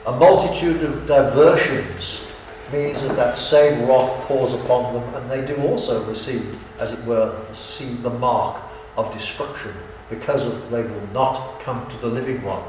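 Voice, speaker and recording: A man's voice: mid-range voice, unhurried, darkish tone, a little hiss or hum. A man preacher giving a sermon in an earnest, emphatic style that keeps repeating key phrases. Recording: very echoey hall, from far off.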